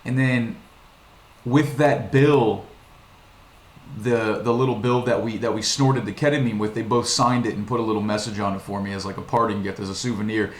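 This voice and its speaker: A man's voice: on the low side, steady tone, normal speed. A young man from Virginia telling a story to his vlog viewers in a rambling, profane way, with many restarts. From Virginia, USA. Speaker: vlogger. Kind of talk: casual storytelling monologue. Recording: echoey room.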